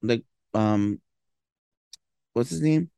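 A man in casual chat, groggy and slow after a late night out, rambling with lots of fillers and bursts of mock toughness. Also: mid-range voice, gravelly, dark tone, clear, resonant tone, no room sound, studio quality.

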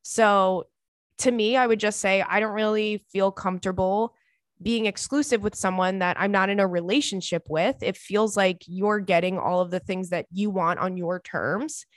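A woman's voice: medium pitch, steady tone, normal speed, no room sound, studio quality. A young woman hosting a podcast, giving listeners frank, casual advice and swearing freely. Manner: blunt, candid, swears freely. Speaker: podcast host.

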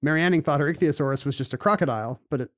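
A man's voice: a little high, rapid-fire, dry recording, studio quality. A man co-hosting a podcast, explaining at length in casual chat, with frequent fillers and restarts. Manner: rambling, explains at length with many "you know" fillers and restarts.

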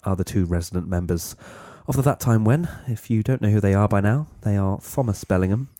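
A man's voice: fairly low pitch, fairly quick, dark tone, no echo, studio quality. A man hosting a casual podcast in a small room, jokey and teasing, with restarts. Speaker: podcast host.

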